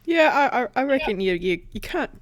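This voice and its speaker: A woman's voice: a little high, sing-song, brisk, no echo. A woman runs a tabletop game and makes her rulings in an easygoing way. Her voice is recorded dry, with no room sound. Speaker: game master.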